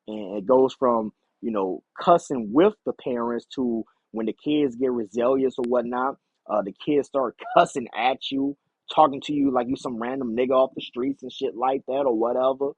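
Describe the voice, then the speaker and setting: A man's voice: medium pitch, darkish tone, husky, no echo, muffled recording. A man in a blunt, profane, heated rant, lecturing and repeating himself. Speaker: commentator.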